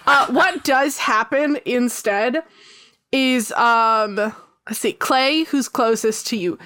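A woman's voice: fairly high pitch, takes it slowly, a bit bright. A woman narrating as game master of a tabletop game over a voice call, chatty and bubbly with many ums.

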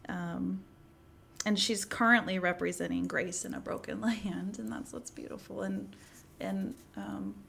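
A young woman interviewing a guest, talking gently and casually with many fillers. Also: mid-range voice, steady tone, unhurried, gravelly, a little hiss or hum. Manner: gentle, filler-heavy, lots of likes and ums. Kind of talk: casual faith conversation.

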